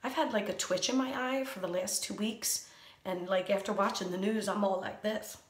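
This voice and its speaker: A woman's voice: medium pitch, steady tone, moderate pace. A woman doing a comic vlog monologue, anxious and rambling, with a sarcastic edge, recorded in a small bathroom. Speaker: comedian. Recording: echoey bathroom.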